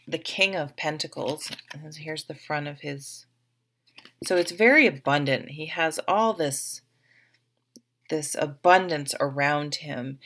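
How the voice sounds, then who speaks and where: Woman reading tarot cards, casual rambling talk, low gravelly voice. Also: a bit bright. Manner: chatty, rambling, with restarts and asides. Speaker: tarot reader.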